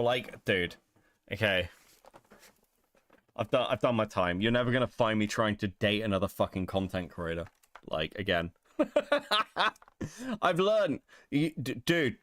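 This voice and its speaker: A man's voice: medium pitch, fairly bright tone, no echo. Wry male podcast host, dry sound. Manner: wry, laughing, swears casually. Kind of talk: casual commentary.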